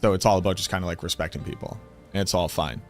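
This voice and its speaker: Streamer, 30s, Boston accent, low and chatty, faint music behind. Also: male voice, quick pace. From North Shore of Boston, USA. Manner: rambling, chatty, lots of "like". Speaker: game streamer. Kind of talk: casual stream chat.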